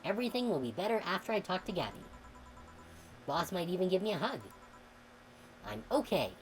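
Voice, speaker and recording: A woman streamer reading a game's dialogue aloud, expressive and sometimes heated. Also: fairly low pitch, brisk, slight background noise, rough recording. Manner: expressive, swings into heated outbursts when reading.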